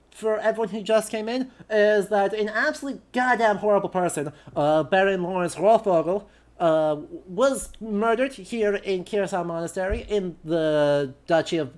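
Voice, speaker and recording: A young adult man chatting casually on a live game stream, with many "uh" fillers and a relaxed manner. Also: sits high. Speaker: streamer and historian.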